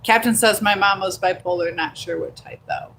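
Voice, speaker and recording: A woman's voice: mid-range voice, moderate pace, a bit bright, a little hiss or hum, rough recording. Chatty woman hosting a phone livestream. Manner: chatty and rambling, reading viewer comments aloud with many fillers. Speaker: livestream host. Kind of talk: casual live-stream chat. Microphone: handheld phone.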